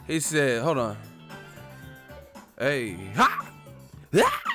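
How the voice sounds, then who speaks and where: A man hosting a video, ranting in a profane, animated, joking way. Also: mid-range voice, unhurried, faint music behind. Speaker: video host. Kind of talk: casual comedic rant.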